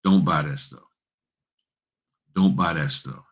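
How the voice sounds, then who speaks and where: A man's voice: rumbling low, slow, a bit bright, breathy edge. A man hosting a casual livestream, giving blunt, folksy advice and addressing viewers as y'all. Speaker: notary public and livestream host.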